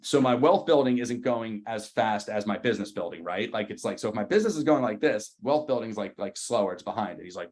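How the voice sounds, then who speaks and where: A man, in his thirties, giving a motivational sales training talk to his team, energetic and slangy, often asking the room questions. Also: fairly low pitch, fast. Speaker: real estate team leader.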